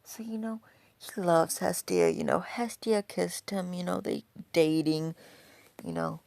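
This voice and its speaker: A woman's voice: fairly low pitch, huge pitch swings, unhurried, vocal fry, mellow, no echo. A woman casually telling a fan story, rambling and swearing, filling gaps with "you know".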